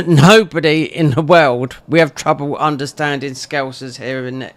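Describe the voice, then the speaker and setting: A man's voice: a little high, fairly even intonation, a little slow. A man with a South London accent rambling chattily through casual gameplay commentary as a gaming channel host. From England.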